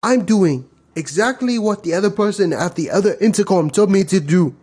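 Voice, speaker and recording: A man's voice: high voice, lively intonation, moderate pace, a little mellow, breathy edge, voice pushed up. A man voicing an irate young driver who protests at a drive-thru intercom, repeating himself in rising indignation, in a comic accent impression. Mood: indignant.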